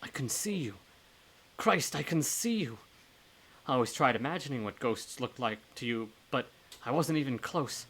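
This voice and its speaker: A man's voice: medium pitch, fairly quick, few pauses, a bit bright, natural voice. A man reading aloud the lines of a weary, self-doubting blind man during a live reading of a horror novel. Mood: stunned.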